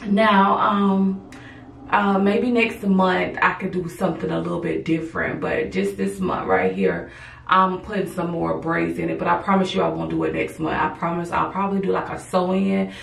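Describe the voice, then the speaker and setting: A woman's voice: lowish voice, normal speed, vocal fry, reverberant, recorded from a distance. A tired woman chatting casually and playfully while she braids her own hair late at night. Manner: chatty, playful, sassy asides. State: tired, yawning. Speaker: beauty vlogger. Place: home at night.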